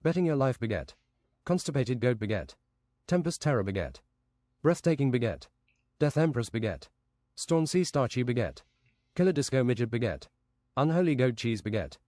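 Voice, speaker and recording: Deadpan man reciting nonsense lists. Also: mid-range voice, moderate pace, no room sound, studio quality. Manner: deadpan, rhythmic listing of nonsense phrases. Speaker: streamer. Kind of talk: reading out an absurd list.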